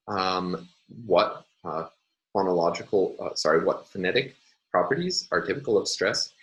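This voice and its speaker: A middle-aged man with a very deep, low voice gives a recorded university lecture. He explains concepts step by step in a measured, patient way. His steady delivery is broken by ums and uhs. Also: rough recording.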